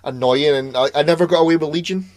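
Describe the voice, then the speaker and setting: A man's voice: a little high, fast talker, dry recording. A man co-hosting a podcast in casual chat, rambling off topic, laughing often and swearing offhandedly. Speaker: podcast co-host.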